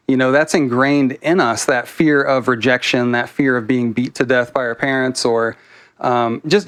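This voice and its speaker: Smooth-voiced man thinking aloud. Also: mid-range voice. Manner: reflective, thinks aloud in long winding sentences. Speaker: debate guest. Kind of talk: casual debate conversation.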